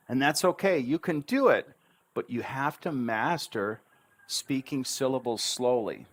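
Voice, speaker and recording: A man tutoring English on a livestream, speaking slowly and deliberately with an encouraging teacher's manner. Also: on the low side. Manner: slow, deliberate syllable-stressed delivery of practice dialogues. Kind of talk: livestream language lesson.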